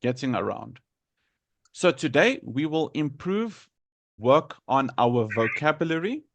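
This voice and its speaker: A man's voice: mid-range voice, very animated, measured pace, vocal fry, no echo. A man teaching an English vocabulary lesson, patiently repeating words to model their pronunciation.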